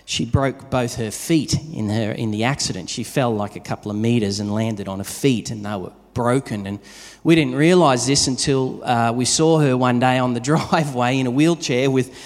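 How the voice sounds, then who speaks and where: A pastor with a medium-pitched voice preaches to his congregation at normal speed, keeping the sermon conversational with everyday stories. His words carry the long reverb of a large hall.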